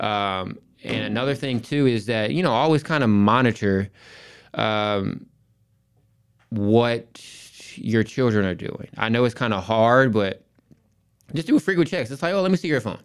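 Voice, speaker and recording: A man's voice: on the low side, unhurried, clean tone. A man in his thirties, a school principal as podcast guest, telling family stories in a casual, rambling way. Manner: storytelling, frequent restarts and "you know".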